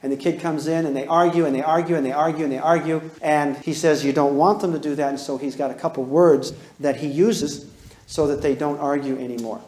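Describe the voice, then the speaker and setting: A man giving a live parenting lecture to an audience, animated and joking, acting out little dialogues with big swings in pitch and volume. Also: a little fast. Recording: roomy hall echo.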